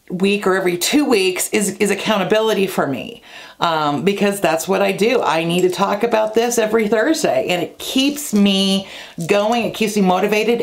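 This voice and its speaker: A middle-aged woman vlogger chatting to camera in a casual, self-mocking way, her voice often trailing off low at the ends of phrases.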